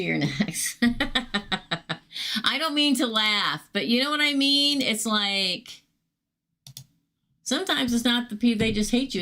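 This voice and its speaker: A woman's voice: medium pitch, a bit bright, a little hiss or hum. A middle-aged woman giving live tarot readings to viewers in a chatty, emphatic way. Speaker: tarot reader.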